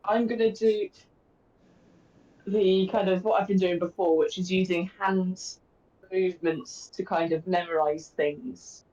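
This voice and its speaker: A woman's voice: fairly low pitch, fairly even intonation, a little slow, dark tone, dull audio. A woman from the English Midlands with a Birmingham accent, chatting as a player in a tabletop game. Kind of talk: casual chat at a tabletop game.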